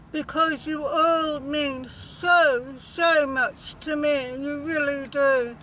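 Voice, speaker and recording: High, slow, bright-voiced emotional woman vlogger. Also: a little hiss or hum, poor audio. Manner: emotional, halting, with many fillers; heartfelt and earnest. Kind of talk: casual direct-to-camera vlog.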